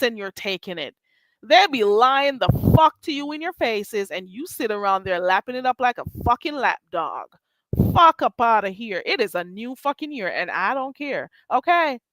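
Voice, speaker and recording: Blunt, profane woman ranting on a stream. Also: dry recording. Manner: blunt, profane and animated, with sudden loud jumps in pitch. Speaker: YouTube commentary host. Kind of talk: casual livestream commentary reading chat.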